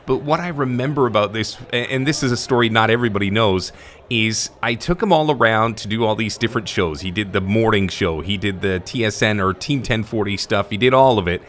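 Reflecting on the interviews he's enjoyed most, a man narrates his podcast with conversational enthusiasm. His voice sits on the low side and is fairly bright, he talks briskly, and there's slight background noise.

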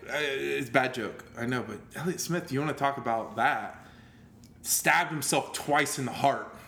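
A man's voice: medium pitch, moderate pace, sharp tone. A young man in loose, profane, joking banter as a podcast co-host. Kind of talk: casual chat. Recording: echoey room with faint ambience.

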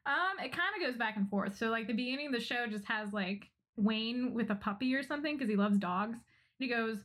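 Woman podcast co-host, slightly high pitch, casual and giggly, quick acted-out quotes. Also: a bit bright. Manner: laughs often while retelling jokes; acts out quoted lines in quick bursts. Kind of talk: casual chat.

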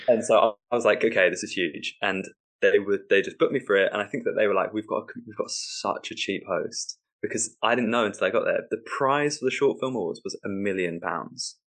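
Man, lowish voice, comedian storytelling, animated, acts out voices. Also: fast. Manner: animated, acts out quoted voices, laughs often. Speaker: stand-up comedian guest. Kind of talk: casual storytelling.

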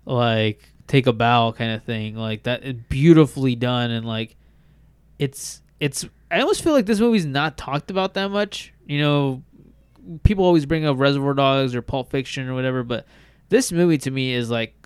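A man's voice: medium pitch, normal speed, clean tone, no room sound. Enthusiastic man rambling in casual chat. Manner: enthusiastic, rambling, heavy use of "like". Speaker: podcast co-host.

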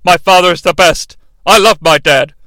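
A man's voice: high voice, normal speed, sharp tone, no echo. A man putting on the voice of a whiny, smug young heir who gets defensive about his father.

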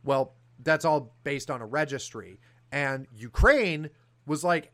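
A man hosting a political talk show, talking in an animated, sarcastic way with fillers and restarts. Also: a little high, moderate pace. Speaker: podcast host.

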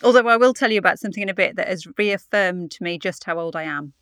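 A woman's voice: medium pitch, fast, fairly bright tone, no room sound, studio quality. A middle-aged woman co-hosting a podcast, telling stories in a chatty, self-mocking way. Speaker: podcast co-host. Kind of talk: casual chat.

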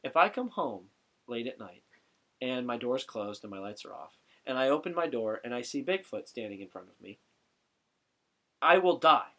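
A young man with a bright, clear voice chats casually on a podcast. He tells stories in an animated way and swears casually. He laughs often as he goes. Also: mid-range voice, moderate pace. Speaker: podcast co-host. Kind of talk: casual chat.

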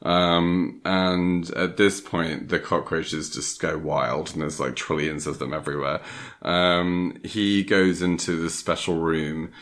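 A man's voice: sits low, fairly even intonation, slow, a bit bright. A man in casual chat, retelling a film plot in a rambling way, full of fillers and little acted-out quotes. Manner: acts out lines of the film.

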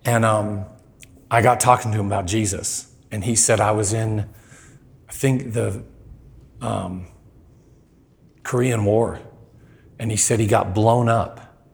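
Male preacher, church sermon, animated storyteller who leaps high for quoted lines. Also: slow, vocal fry, pauses often. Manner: animated storyteller, voice jumps high when quoting people.

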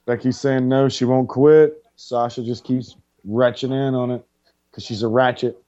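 A man calling the action live while he watches it, voice pitched in the middle, quick to react and loose with his swearing. The sound is dull and lo-fi, like a muffled voice chat. He talks like someone glued to the screen with his buddies. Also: no room sound. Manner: excitable play-by-play with swearing. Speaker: co-host watching a wrestling match. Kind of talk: casual live watch-along commentary.

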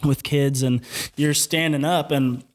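A young man on a podcast rambles through stories, chuckling as he goes. His voice sits on the higher side for a man. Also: measured pace. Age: young adult. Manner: relaxed, rambling, laughs often. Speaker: guest, university mascot performer. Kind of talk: casual podcast interview.

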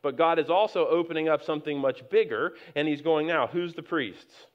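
A man's voice: fairly high pitch, fairly quick. A middle-aged man preaching a sermon as the pastor, telling stories in a conversational way that builds to emphatic points. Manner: conversational, anecdotal preaching with many restarts and rising emphasis. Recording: slightly dull, lo-fi sound.

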